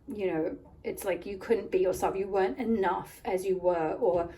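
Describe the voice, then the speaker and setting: A woman with a croaky voice from a cold, giving a rambling pick-a-card tarot reading full of "like" and "um". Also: mid-range voice, steady tone, moderate pace, dark tone. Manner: rambling, many "like" and "um" fillers. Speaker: tarot reader. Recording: voice a bit far from the mic, faint room noise.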